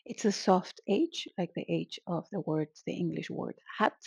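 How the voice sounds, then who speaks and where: Gravelly-voiced woman teaching sounds playfully. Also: lowish voice, moderate pace, darkish tone, no echo, clean studio sound. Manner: playful, exaggerates sounds for effect. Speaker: Arabic teacher. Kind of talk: casual language lesson.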